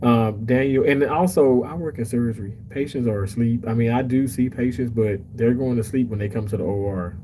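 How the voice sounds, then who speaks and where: A man's voice: mid-range voice, a little fast, few pauses, noisy background. A man hosting a casual livestream, chatty and emotional as he reads comments aloud. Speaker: livestream host reading chat.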